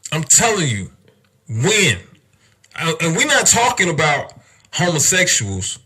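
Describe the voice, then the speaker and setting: Young male podcast host, emphatic and heated, with a bright, sharp, husky tone. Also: fairly high pitch, wildly swooping pitch, measured pace. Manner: heated, emphatic, heavy cursing, rhetorical questions. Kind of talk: profane rant on a podcast.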